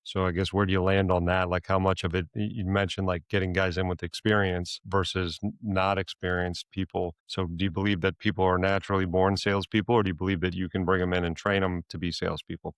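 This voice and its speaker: A man co-hosting a podcast interview who asks quick, probing questions. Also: low voice, level tone, no echo. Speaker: podcast co-host.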